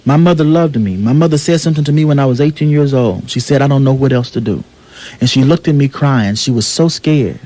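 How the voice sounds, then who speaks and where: A young American man talks with the rolling, repetitive cadence of a preacher. His voice sits fairly high for a man, and he builds his points through steady repetition on a radio talk show. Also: brisk, hardly any pauses. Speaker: guest playwright. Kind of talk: impassioned radio interview.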